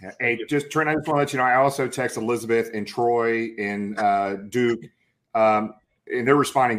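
A man's voice: mid-range voice, steady tone, normal speed, a bit bright, a little hiss or hum. A man hosting a sports talk show, hyped and friendly, calling his guest brother and man.

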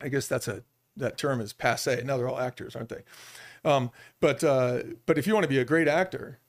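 Speaking at a medium pitch and a little fast, a middle-aged man guests on a podcast as a business leader. He is a lively storyteller who performs snippets of the dialogue he recounts.

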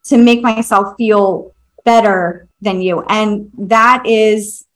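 A woman's voice: medium pitch, fairly even intonation, slow pace. A woman talking bluntly in casual conversation as a podcast host, outspoken and self-mocking, swearing freely.

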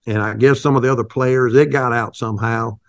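An older man, a company founder, telling a folksy, halting story in an interview, with many restarts. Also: medium pitch, steady tone, no echo, studio quality.

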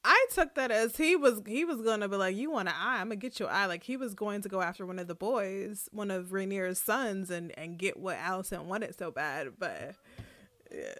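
Woman co-host doing a casual episode summary, steady and chatty, with lots of fillers. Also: medium pitch, normal speed. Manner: steady summarizing with fillers, mock-quotes characters. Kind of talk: casual TV recap and plot summary.

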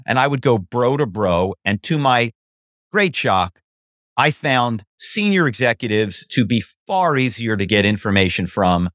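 A middle-aged man, a guest, telling lively stories and slipping into other voices. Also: medium pitch, measured pace, no room sound, clean studio sound. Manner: animated, slips into voices. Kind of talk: storytelling interview answers.

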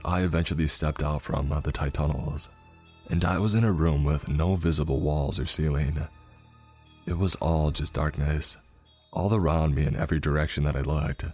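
Man narrating dark fantasy, extremely deep, husky, grave, soft music under. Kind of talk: first-person dark fantasy story narration.

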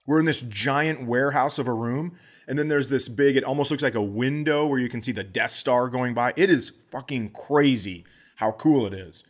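A man's voice: mid-range voice, normal speed. A man co-hosting a podcast, telling a comic story and acting out the other voices in it. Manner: animated, acts out quoted voices. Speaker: podcast co-host. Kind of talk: casual comedic storytelling.

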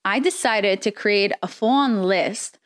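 A woman's voice: medium pitch, unhurried. A woman hosting a casual advice podcast, answering listener questions from her bed in a blunt, frank way with frequent giggles. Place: sitting in bed indoors.

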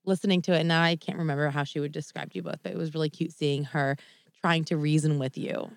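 A woman co-hosting a podcast, telling a story in an animated way with lots of "like" fillers. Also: low-pitched, quick pace, no room sound, studio quality. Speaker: podcast co-host. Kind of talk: casual chat, storytelling.

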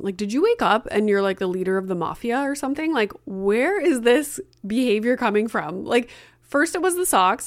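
A woman's voice: medium pitch, no room sound, clean studio sound. A woman in her thirties hosting a solo podcast, telling a story in a chatty way with many "like" fillers. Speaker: podcast host.

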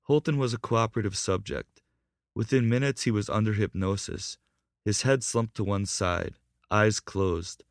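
A man narrates a documentary script in a steady, measured reading. His voice sits low. The recording is dry and close, with no room sound. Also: no echo.

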